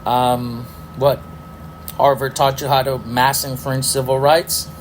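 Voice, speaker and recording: A man's voice: mid-range voice, level tone, moderate pace, slight background noise, poor audio. A middle-aged man hosting a podcast, ranting angrily with profanity and sarcastic rhetorical questions. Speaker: podcast host. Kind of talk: ranting political commentary.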